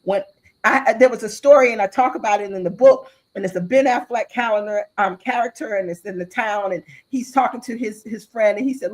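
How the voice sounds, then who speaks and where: A woman's voice: fairly high pitch, brisk, low-quality recording. A woman speaking as a guest author and executive in an interview over a video call. She talks with earnest, faith-driven conviction and often restarts or repeats her words. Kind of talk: impassioned interview talk.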